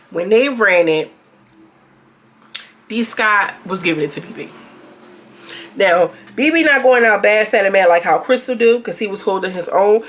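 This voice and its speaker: Woman doing a reality show recap, slangy and chatty, talking to the viewers, medium pitch. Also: a bit bright. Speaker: reality TV reviewer. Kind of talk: casual commentary to viewers.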